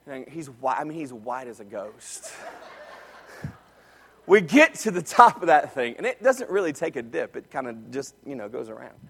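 A man preaching a sermon, telling a family story and swinging between loud, excited lines and hushed ones. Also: mid-range voice, normal speed, creaky, breathy edge, long reverb tail. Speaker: pastor.

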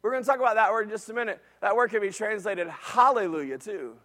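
High-voiced preaching man in a reverberant hall. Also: quick pace. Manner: preaching with rising intensity and occasional shouts. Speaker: pastor. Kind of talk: sermon.

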